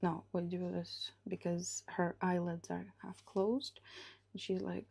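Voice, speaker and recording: A woman illustrator talks through her live drawing session in a slow, unhurried way. She thinks aloud and keeps slipping into a soft half-whisper as she sketches. Her voice has a gravelly, husky grain. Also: lowish voice, little pitch movement, lo-fi sound.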